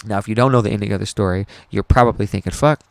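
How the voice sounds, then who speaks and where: A man's voice: fairly low pitch, steady tone, racing, creaky, dry recording. A young man hosting a podcast, telling a personal story in a rambling, profane and emotional way. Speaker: podcast host.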